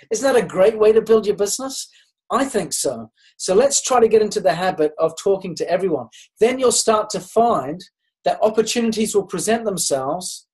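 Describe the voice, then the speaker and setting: A man giving a motivational training talk on network marketing, speaking at an unhurried pace with pauses and restarts, and acting out the dialogue in his stories. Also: sits high, a little mellow, rough recording.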